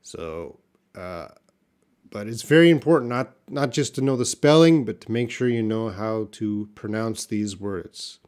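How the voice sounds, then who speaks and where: A man's voice: lowish voice, a little slow, darkish tone. A man teaching English in a live lesson, explaining words patiently and reading viewers' comments.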